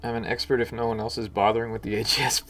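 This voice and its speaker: A man's voice: medium pitch, flat delivery, racing, fairly bright tone. A man streaming his work as an indie game developer, chatting casually and muttering to himself as he codes and reads chat aloud. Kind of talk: casual live-stream commentary while working. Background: faint music and keyboard typing.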